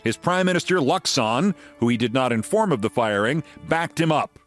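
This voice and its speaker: A man in his sixties delivers commentary with biting sarcasm and theatrical emphasis. His pitch swings widely as he speaks, and a faint bed of music plays beneath him. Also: animated, moderate pace. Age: 60s. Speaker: host. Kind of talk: political commentary and story reading.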